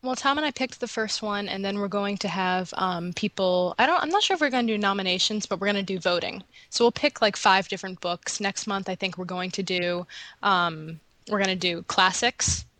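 A woman's voice: mid-range voice, fairly quick, a bit bright, no room sound. A woman guest on a podcast, chatting in an upbeat way. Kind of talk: casual chat.

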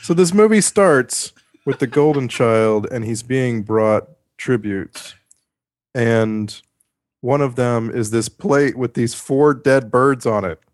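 A man's voice: medium pitch, takes it slowly, no echo, studio quality. A man co-hosting a casual movie podcast, recapping scenes with mock outrage. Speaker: podcast co-host. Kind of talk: casual movie commentary chat.

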